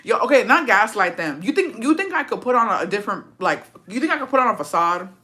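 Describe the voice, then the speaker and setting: A woman's voice: on the high side, very animated, fast, bright, forceful tone. Brash, profane young woman streamer. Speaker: livestreamer. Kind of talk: casual chat answering viewer comments.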